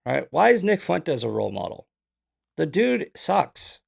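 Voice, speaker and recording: A man's voice: fairly high pitch, very animated, unhurried, gravelly, slightly rough. A man hosting a casual live-stream news commentary show, rambling and joking between points. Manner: loose, rambling, jokey asides while fixing tech.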